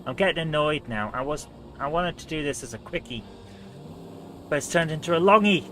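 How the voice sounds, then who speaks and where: Talking over his gameplay in a let's play, this man is exclamatory, drops mild swears, and laughs at how he drives. His fairly high, somewhat bright voice moves briskly with lively intonation, and there's slight background noise.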